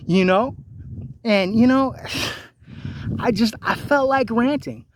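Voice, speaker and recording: High-voiced man in a swearing rant. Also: takes it slowly, pauses often, no room sound. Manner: angry, confrontational, heavy swearing, repeats rhetorical questions. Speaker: vlogger. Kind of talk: profane ranting monologue.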